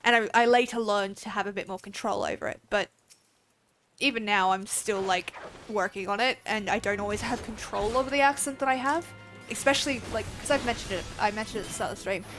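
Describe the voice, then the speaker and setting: Music plays in the background as a young Australian woman talks while gaming on a livestream. She speaks fairly quickly at a medium pitch, rambling casually, laughing and cursing freely.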